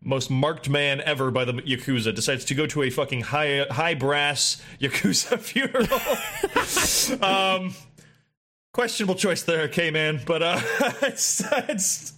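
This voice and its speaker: A man's voice: a little high, animated, takes it slowly, bright, forceful tone. A man chatting casually on a podcast, rambling, laughing often and swearing freely. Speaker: podcast co-host. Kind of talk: casual chat.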